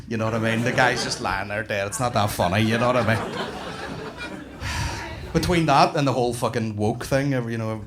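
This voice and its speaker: Quick and medium in pitch, this man's voice cuts through a noisy background. He's a Northern Irish stand-up in his thirties, swearing freely as he acts out his stories at a comedy club.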